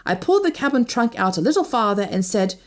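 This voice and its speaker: A woman narrating a first-person novel as an audiobook, reading expressively. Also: fast talker. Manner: expressive, shifting pitch with each character.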